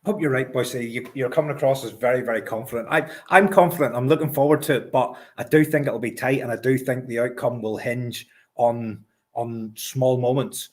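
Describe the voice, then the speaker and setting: A man's voice: mid-range voice, fairly even intonation, normal speed, darkish tone. A Scottish man co-hosting a football podcast, talking casually, often stumbling and repeating words as he starts a thought. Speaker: podcast co-host.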